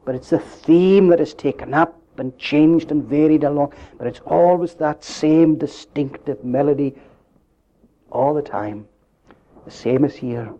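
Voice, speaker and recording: A man preaching a sermon, building up to emphatic questions and dropping his voice low at the end of phrases. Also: measured pace, warm tone. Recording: dull lo-fi recording.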